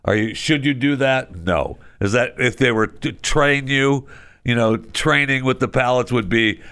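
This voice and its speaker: A man's voice: mid-range voice, a little slow, creaky, fairly bright tone, clear, resonant tone, no echo. A man hosting a talk show, delivering a casual monologue with chatty, opinionated asides and wry humor. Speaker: radio show host.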